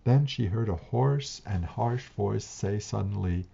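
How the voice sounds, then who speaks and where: A man reading a translated old tale aloud, slow and measured. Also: on the low side, vocal fry, dark tone, breathy edge. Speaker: narrator. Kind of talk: storybook reading. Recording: dull lo-fi recording.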